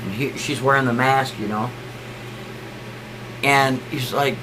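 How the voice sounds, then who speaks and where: A man's voice: mid-range voice, steady tone, measured pace, pauses often, sharp tone, slight background noise, rough recording. A man telling a story in a casual, rambling way, often repeating himself and checking in with the listener. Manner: rambling, repeats "I mean" and "right?", stumbles over words.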